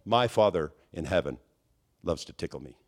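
Preacher guy in a sermon, lowish voice that jumps way up when he gets worked up. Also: normal speed. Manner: animated storytelling, rising to near-shouted high peaks. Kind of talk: charismatic sermon.

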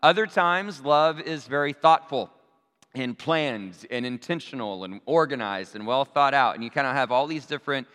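Bright, clear-voiced male pastor preaching. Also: mid-range voice, moderate pace. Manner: chatty, checks in with the audience using tag questions. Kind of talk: conversational sermon. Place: church sanctuary. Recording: long reverb of a large hall.

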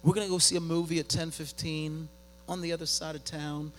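A middle-aged man preaching a sermon, telling a story with big swings between quiet and loud. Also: on the high side, little pitch movement, a little fast, a little hiss or hum. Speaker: pastor.

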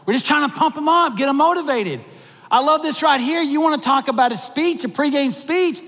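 A middle-aged man, a minister, preaching a sermon in a church and building to animated, excited emphasis. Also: very high-pitched, fairly quick, long reverb tail. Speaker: minister on staff.

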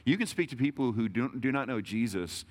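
A man's voice: medium pitch, animated, brisk. A man in his thirties preaching a sermon in a conversational, self-deprecating way, with jokes and frequent restarts. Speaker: pastor.

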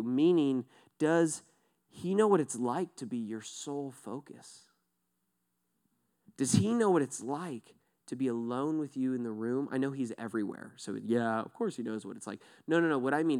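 A man preaching a sermon in a loose, conversational way, acting out quick quotes in different voices. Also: medium pitch. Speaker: pastor.

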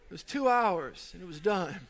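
High-voiced, gravelly pastor. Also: male voice, normal speed. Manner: animated storyteller, laughing through the tale. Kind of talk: humorous sermon story.

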